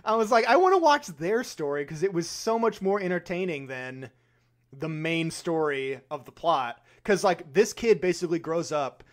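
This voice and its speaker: A man's voice: on the high side, lively intonation, moderate pace. A man co-hosting a podcast, chatting casually about a film, laughing often and swearing freely. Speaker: podcast co-host. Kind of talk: casual chat.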